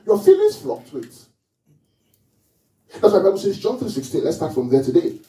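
A pastor gives a sermon to his congregation, often questioning the room in call-and-response fashion. His fairly high, mellow, dark voice leaps with huge pitch swings at a moderate pace. He's captured from some distance in a roomy, echoey hall.

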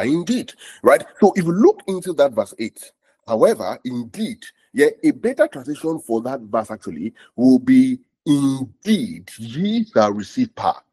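A man's voice: mid-range voice, darkish tone, husky, no room sound. A man preaching a sermon, explaining scripture verse by verse, repeating himself and asking the audience questions.

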